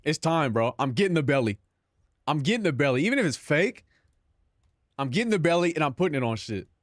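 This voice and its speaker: A man's voice: on the high side, very animated, a little fast, dry recording, studio quality. A young man streaming live, chatting casually, joking and swearing, often laughing at his own bits.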